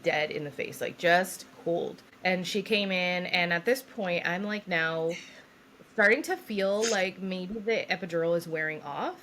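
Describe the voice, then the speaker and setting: Woman in her thirties, lowish voice, animated casual storyteller, faint room hum. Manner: animated storyteller acting out quoted people, laughs often. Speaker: podcast co-host.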